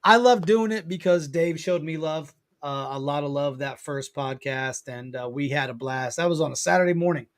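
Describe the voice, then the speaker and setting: Man, podcast guest, casual chat, enthusiastic, repeats himself, slightly high voice. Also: normal speed, hardly any pauses.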